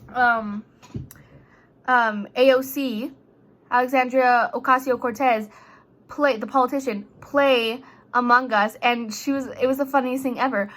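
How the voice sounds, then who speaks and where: A teenage girl rambles through a casual vlog with jokes and asides. Her voice is bright and sits a little high. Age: teens. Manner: chatty, jokey, rambling. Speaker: high school student vlogger.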